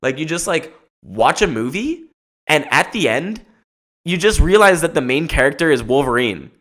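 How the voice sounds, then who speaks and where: Man, podcast host, rambling comic riff, lively swinging pitch, slightly high voice, casual swearing. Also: normal speed.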